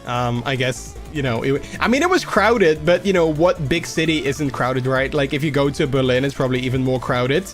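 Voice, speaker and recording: A young man hosting a casual livestream, rambling and halting with many restarts while a little under the weather. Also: medium pitch, faint music behind. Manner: acts out quoted people in a raised voice. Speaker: livestream host.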